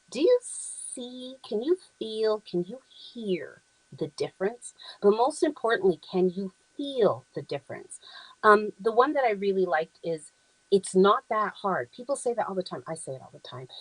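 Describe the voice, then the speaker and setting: A woman's voice: mid-range voice, no room sound, poor audio. Woman talk show host, mid-range voice, earnest and affirming, conversational with plenty of ums, dry close sound. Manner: earnest, affirming, frequent ums, reads quoted phrases aloud.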